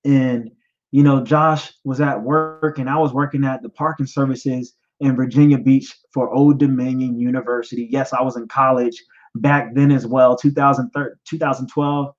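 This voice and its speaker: A man in his thirties speaks in a medium voice, telling his own story as a podcast host. He is choked up and near tears, pausing and repeating himself as he talks. The recording is slightly dull and lo-fi. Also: medium pitch, fairly even intonation, faint music behind. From United States. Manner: emotional, halting, repeats himself, gets choked up. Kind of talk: personal testimony, live stream talk.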